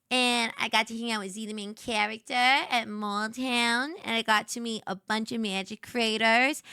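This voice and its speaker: A woman VTuber streamer in casual late-night chat. She gushes bubbly, with sudden squeals and soft whispers. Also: fairly high pitch, clear, resonant tone, no room sound, clean studio sound.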